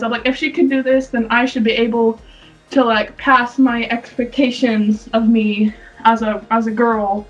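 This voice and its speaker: A young woman with a high voice chats casually and rambles with frequent giggles. She sits back from the mic, and the sound is muffled and lo-fi, with soft music underneath. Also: little pitch movement, moderate pace, recorded from a distance. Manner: giggly, rambling, often breaks into laughter. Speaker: podcast co-host. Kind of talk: casual chat.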